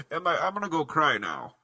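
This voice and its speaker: A blustering masked villain who boasts and then yelps in panic, as a man puts him on for a comedy bit. The voice is gravelly, pitched high and swings widely, and loud vehicle noise rumbles underneath. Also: full character voice, rough recording. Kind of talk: comedy game playthrough bit.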